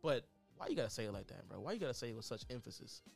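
A man co-hosting a casual sports podcast, talking in an animated, rambling way. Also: medium pitch, racing, vocal fry, husky, faint music behind. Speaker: podcast co-host.

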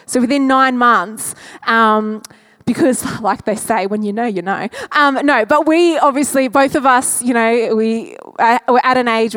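Woman, 30s, high voice, chatty animated sermon, laughs often. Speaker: preacher.

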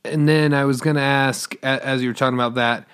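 A man with a medium voice co-hosts a relaxed interview podcast. He teases his guest with dry, playful follow-ups. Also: mid-range voice, quick pace, clear, resonant tone. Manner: teasing, playful follow-up questions. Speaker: podcast co-host. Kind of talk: casual interview.

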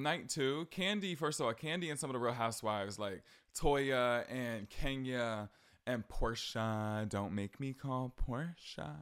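A man's voice: mid-range voice, a bit bright. A man hosting a casual pop culture podcast, gushing and rambling, swearing freely as he talks. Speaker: podcast host.

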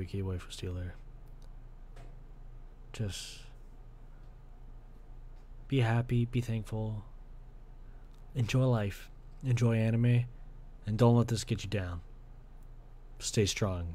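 A man's voice: lowish voice, warm tone, a little hiss or hum. A male podcast host giving an emotional monologue, venting raw and profane, sighing heavily and dropping to near-whispers at times.

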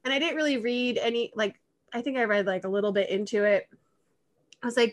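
Giggly young woman with a bright voice. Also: on the high side, brisk. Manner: giggly, lively storytelling. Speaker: podcast host. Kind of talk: casual chat.

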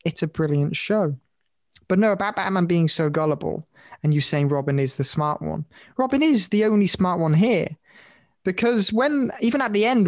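Animated young man, casual chat. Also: fairly high pitch, no echo, clean studio sound. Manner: animated, swearing, laughing often. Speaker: podcast co-host.

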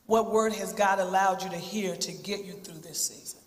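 A man's voice: high voice, steady tone, moderate pace, reverberant, long reverb tail. A man assisting as co-pastor, reading questions and affirming the preacher. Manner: affirming interjections. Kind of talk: church teaching.

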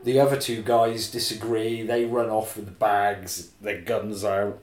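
A man's voice: on the low side, level tone, unhurried, a little mellow, a little hiss or hum. Chatty man recapping a film. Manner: chatty, recounts plot, swears then apologises. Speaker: podcast co-host. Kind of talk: casual film discussion.

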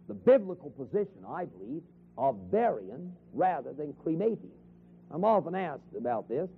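A man's voice: a little high, slight background noise. A man teaching a Bible class in an emphatic sermon style, repeating key phrases for weight. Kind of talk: sermon lecture. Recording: tinny phone-like 1970s tape recording.

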